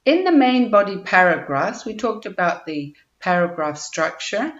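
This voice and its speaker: Woman, grammar lecture, slow and patient, echoey room, muffled sound. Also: mid-range voice, sing-song. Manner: patient, explains step by step with examples. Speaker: IELTS teacher.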